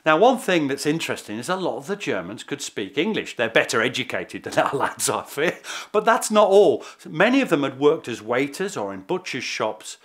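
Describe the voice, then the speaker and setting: A man's voice: mid-range voice, normal speed, hardly any pauses. Historian guy telling it with lots of energy, voice goes all over the place. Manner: animated, chuckling storyteller. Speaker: historian interviewee. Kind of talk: documentary interview.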